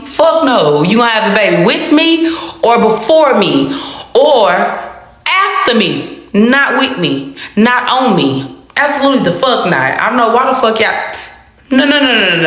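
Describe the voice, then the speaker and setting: A woman telling a personal story to her viewers in a casual storytime, animated and heavily profane, repeating phrases for emphasis. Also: on the high side. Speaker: storytime vlogger. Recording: very echoey room.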